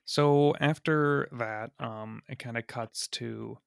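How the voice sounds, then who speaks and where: A man with a gravelly, creaky voice chats loosely about a film, circling his points with lots of fillers. The sound is dry, close and free of any room echo. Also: mid-range voice, fairly even intonation, slow pace. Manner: rambling, many fillers and restarts. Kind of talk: casual film discussion.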